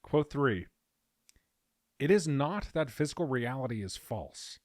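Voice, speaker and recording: A man co-hosting a casual podcast chat, explaining at length and reading quotes aloud slowly. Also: mid-range voice, very animated, a little mellow, no echo, studio quality. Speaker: podcast co-host. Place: podcast recording room.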